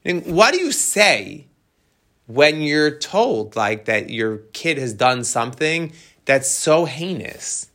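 A man teaching a text study class, animated and tossing rhetorical questions to his students. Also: fairly high pitch, takes it slowly.

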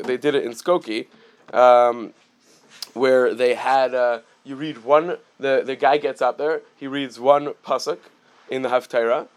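A man giving a Talmud lesson, reading Aramaic lines and then explaining them in plain English with many fillers and restarts. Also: medium pitch. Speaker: Talmud teacher. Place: Chicago area.

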